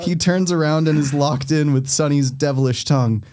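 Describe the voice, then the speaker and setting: A podcast co-host takes a turn reading fan fiction aloud. His reading is plain and steady. The voice sits somewhat high for a man. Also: normal speed.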